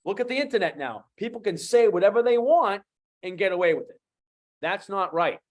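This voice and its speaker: A man in his fifties with a Boston accent, speaking as a guest coach on an online talk show, animated and emphatic, repeating key phrases. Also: sits high, fairly quick. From USA. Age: 50s.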